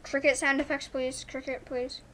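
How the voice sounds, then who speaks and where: Excitable young woman playing a sim game. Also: high voice, normal speed, slight background noise. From Canada. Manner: excitable, chatty, thinking aloud. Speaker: gaming YouTuber. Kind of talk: casual gameplay commentary. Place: home room. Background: family's movie faint in background.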